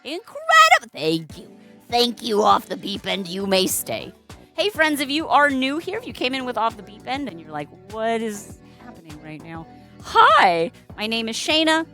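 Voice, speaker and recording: Very animated, a balloon artist greets her livestream viewers and makes puns in a casual, chatty, playful manner. Her voice is a little high, pushed and bright, at normal speed, over faint music.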